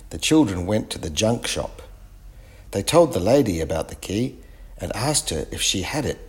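A man narrating a children's storybook in a clear, expressive reading. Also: on the low side, normal speed.

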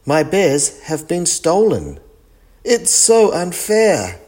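A man voicing a feisty old grandmother in a storybook reading, with high, exclamatory lines. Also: a little slow. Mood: dismayed. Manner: exclaiming, bright and animated.

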